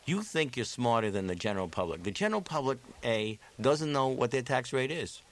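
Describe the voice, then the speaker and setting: A man's voice: medium pitch, big pitch swings, fairly quick, natural voice. A man playing a cynical, self-serving state legislator in an on-air role-play, blunt and wheeling-dealing. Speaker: political analyst.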